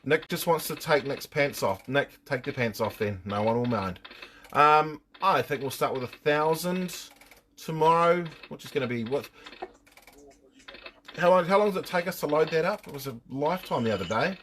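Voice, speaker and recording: A man's voice: a little high, animated, moderate pace, a bit bright, a little hiss or hum. A middle-aged man with a New Zealand accent hosting a casual live stream, joking, swearing and reading out viewers' names.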